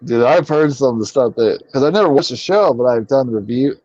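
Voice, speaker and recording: A man's voice: mid-range voice, lively intonation, a little fast, darkish tone, dry recording, muffled recording. A man chatting casually as a podcast guest, laughing often and reacting with animation. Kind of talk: casual chat.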